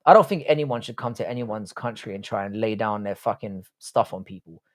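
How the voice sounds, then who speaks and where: A man's voice: lowish voice, a little fast. Man, casual livestream chat, blunt, heavy swearing, answers viewer questions. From Irish, raised in southwest London. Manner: blunt and profane, reads chat questions aloud then answers.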